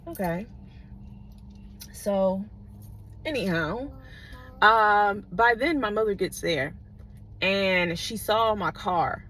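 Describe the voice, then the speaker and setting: A woman's voice: mid-range voice, slow pace, long pauses, a bit bright. A woman vlogger telling a personal story in a casual, digressive, profane way, often checking in with her listeners.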